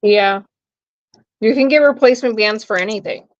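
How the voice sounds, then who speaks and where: A woman co-hosting a live-stream auction, calmly describing the items she shows. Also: mid-range voice, moderate pace, lo-fi sound. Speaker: co-host showing auction items. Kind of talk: casual live-stream commentary.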